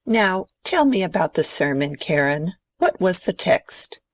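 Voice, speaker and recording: A woman's voice: fairly low pitch, big pitch swings, a little slow, no room sound. A woman playing a strict, proper old grandmother who scolds sternly. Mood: prim. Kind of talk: amateur play reading.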